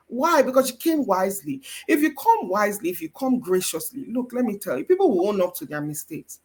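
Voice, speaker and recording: A woman's voice: medium pitch, sing-song, moderate pace, few pauses, darkish tone. A woman with a Nigerian accent giving a faith-based marriage teaching as guest mentor, with an emphatic, preacher-like delivery.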